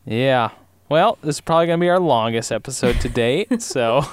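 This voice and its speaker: A man co-hosting a podcast who talks casually and fills the gaps with quick agreements. His pitch moves around a lot and his voice is smooth. It sounds dry, with no room echo. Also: animated. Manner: reactive, lots of short agreements. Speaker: podcast co-host. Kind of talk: casual chat.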